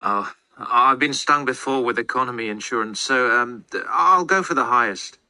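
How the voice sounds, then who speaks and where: A hesitant male customer sorting out a shipment, with a bright, sharp tone at middling pitch. His lines are scripted exam dialogue, and he pauses on fillers. The sound is dry and close. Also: no room sound, low-quality recording. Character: male customer arranging shipping and insurance. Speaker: customer in a listening-test dialogue.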